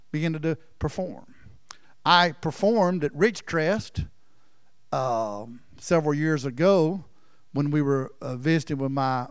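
A male pastor with a drawl preaches with a folksy, storytelling touch. His voice sits a little high for a man and swings between loud emphasis and hushed near-whispers. The recording is close and dry, with no room echo. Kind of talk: sermon.

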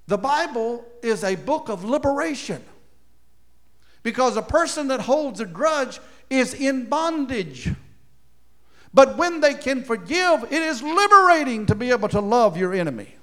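A man preaching a sermon as pastor, moving between loud emphatic points and quiet, chuckling asides. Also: very high-pitched, big pitch swings, measured pace.

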